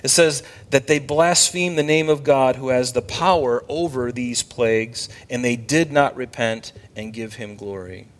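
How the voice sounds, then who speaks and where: A man's voice: medium pitch, measured pace, hardly any pauses. A male pastor preaching a sermon in an emphatic way, often asking his listeners rhetorical questions.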